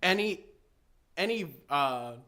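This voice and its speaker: A man's voice: sits high, animated, slow pace, pushed and bright. A man in a casual podcast chat, reading funny quotes aloud and laughing along. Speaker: podcast participant.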